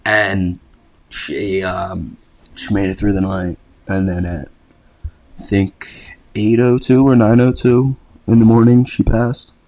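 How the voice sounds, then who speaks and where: A young man with a very low voice talks loosely through a personal story as a podcast guest. He rambles, leans on "like", and curses casually. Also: level tone, takes it slowly, a little mellow. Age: young adult. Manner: laid-back, rambling, swears freely, fills with "like". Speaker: podcast guest, college lacrosse player.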